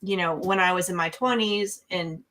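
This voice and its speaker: A woman's voice: on the low side, normal speed, fairly bright tone. A woman from New York, co-hosting a casual podcast and analyzing a film in an opinionated way. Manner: opinionated, analytical, frequent restarts. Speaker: podcast co-host, film reviewer. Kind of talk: casual chat.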